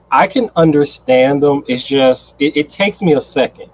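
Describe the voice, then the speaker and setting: An American man teaching English in a relaxed, friendly way on a video call, agreeing often and laughing a lot. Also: medium pitch, measured pace, few pauses, a little hiss or hum. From United States. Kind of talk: casual conversation on a video call. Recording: husky voice over a dull, lo-fi call line.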